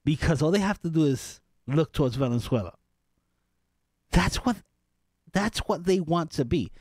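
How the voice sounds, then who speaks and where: A man's voice: a little high, expressive, normal speed, no echo. A man hosting a political talk radio show, venting in an exasperated, rambling way with frequent restarts and sighs, at a studio microphone.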